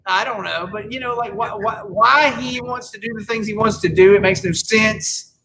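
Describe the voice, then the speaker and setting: A man with a bright, forceful voice rambles through casual podcast chat, stacking up opinions and tripping over his own restarts. A faint noise sits under the recording. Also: high voice, moderate pace, low-quality recording. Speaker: podcast co-host.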